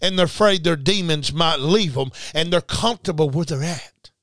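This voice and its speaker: A man's voice: a little high, moderate pace, fairly bright tone, dry recording. A man preaching a sermon, emphatic and repetitive, talking straight to his listeners. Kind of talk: livestreamed sermon.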